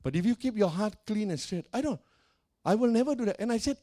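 A middle-aged man preaching a lively storytelling sermon, laughing often and swinging between loud and soft. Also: sits high, fast talker. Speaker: pastor.

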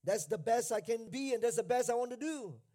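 A male pastor preaching a sermon, repeating phrases for emphasis and swinging between hushed lines and shouted ones. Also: very high voice, expressive, brisk.

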